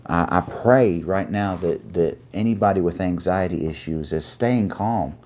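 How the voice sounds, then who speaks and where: A man preaching an earnest sermon, pausing to find his place and reading scripture aloud. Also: low voice, darkish tone. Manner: earnest, reads scripture aloud with pauses while finding pages.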